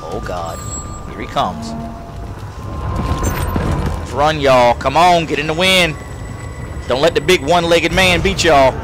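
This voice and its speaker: Excitable, high-voiced gamer trash-talking. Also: male voice, measured pace, long pauses. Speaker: let's play gamer. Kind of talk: game commentary. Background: game music.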